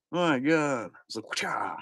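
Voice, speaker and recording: A man's voice: medium pitch, fairly bright tone, dry recording. Laid-back man rambling on a stream. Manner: rambling, laid-back, talks to chat viewers. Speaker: card break streamer. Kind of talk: casual live-stream chat.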